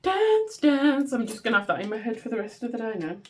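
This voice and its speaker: A medium-pitched woman races through her words over a little hiss or hum. She's a budgeting vlogger from the West Midlands with a Black Country accent, chatting casually, laughing at herself and humming as she sorts cash.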